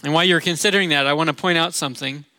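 Midwestern male pastor, middle-aged, bright tense tone, slightly high voice, dry close sound. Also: steady tone, racing, no room sound. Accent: Midwestern American. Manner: earnest, conversational preaching with rhetorical questions. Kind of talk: sermon.

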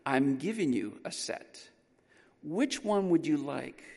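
A man voicing a generous forty-year-old man who speaks softly and patiently. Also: fairly high pitch, lively intonation, slow, vocal fry, slightly rough, heavily acted. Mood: gentle. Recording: long hall reverb.

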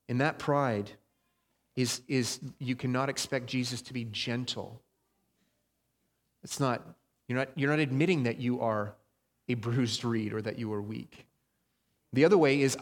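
Man preaching in a reverberant hall. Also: medium pitch. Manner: conversational preaching, stresses and slows key phrases. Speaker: pastor. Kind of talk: sermon.

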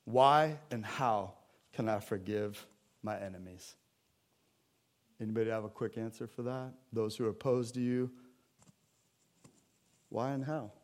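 Delivering a sermon in the church sanctuary, a pastor speaks a little slowly with frequent pauses in a fairly low-pitched voice. He keeps a conversational tone with the congregation and voices characters as he acts out Bible scenes.

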